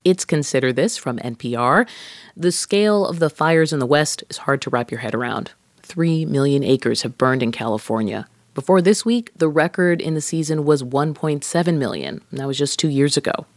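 A news podcast host reading scripted narration in a measured, steady way. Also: mid-range voice, dry recording.

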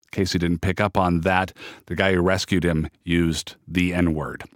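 A man's voice: sits low, little pitch movement, moderate pace, no room sound, studio quality. A man hosting a podcast, reading scripted narration and sponsor notes in an earnest, lightly playful way. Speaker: podcast host.

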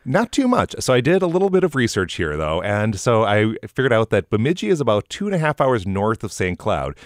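A man's voice: deep voice, dry recording, studio quality. A man co-hosting a podcast, chatting casually with wry jokes. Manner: wry, joking, animated. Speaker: podcast co-host. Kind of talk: casual chat.

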